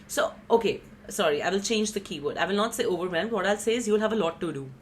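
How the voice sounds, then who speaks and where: A woman's voice: mid-range voice, fairly bright tone, a little hiss or hum. A woman giving a casual tarot reading, chatty and rambling, teasing herself as she goes. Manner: chatty, rambling, self-teasing, frequent "you know" and "like". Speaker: tarot reader.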